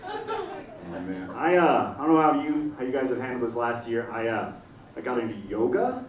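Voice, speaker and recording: A man doing a stand-up comedy set on a small stage, talking in an animated way and dropping into quick silly voices. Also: medium pitch, echoey room, recorded from a distance, crowd noise. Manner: animated, swings into quick put-on voices for jokes. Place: small comedy stage in front of a live audience. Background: audience laughing and clapping.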